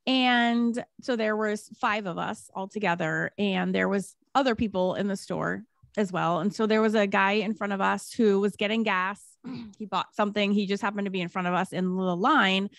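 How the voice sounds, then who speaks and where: A woman telling a story on a podcast in a casual, animated way, with lots of filler words and quoted voices acted out. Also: normal speed, gravelly, no echo. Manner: animated, acts out quoted voices high-pitched. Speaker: podcast guest.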